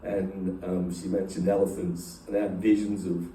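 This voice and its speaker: A middle-aged man addresses a company group in a large room, telling an emotional personal story that rambles with many fillers and restarts. His deep, dark voice is flat at normal speed. The echoey recording picks him up from a distance, with slight background noise.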